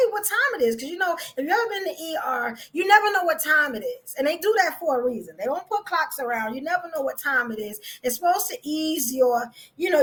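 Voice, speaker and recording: A young adult woman hosting a podcast, telling a personal story in a lively way, with lots of laughter and fillers. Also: sits high. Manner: animated, laughs often, many fillers. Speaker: podcast host.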